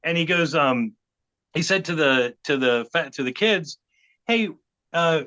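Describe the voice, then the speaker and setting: A man's voice: on the high side, measured pace, clean tone. A middle-aged man, a podcast guest telling an anecdote and acting out the quotes of other people. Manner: animated, acts out quotes of others. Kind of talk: storytelling anecdote. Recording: dull lo-fi podcast audio.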